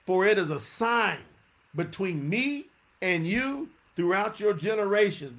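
High-voiced animated male preacher. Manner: animated, conversational preaching with rhetorical questions. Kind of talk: teaching sermon.

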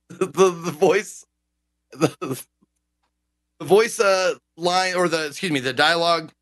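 Man, bright voice, slightly high, rambling, casual podcast chat, filler-heavy. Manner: rambling, many restarts and fillers. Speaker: co-host.

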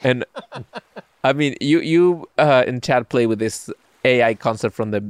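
A man's voice: medium pitch, unhurried, clear, resonant tone, dry recording, studio quality. A man hosting a casual podcast interview, who laughs along easily and asks meandering questions. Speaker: podcast host.

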